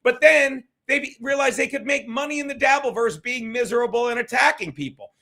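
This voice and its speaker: High, bright-voiced ranting man. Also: fairly quick, vocal fry. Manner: profane, combative, thanking viewers by name. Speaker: livestream host. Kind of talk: ranting livestream talk.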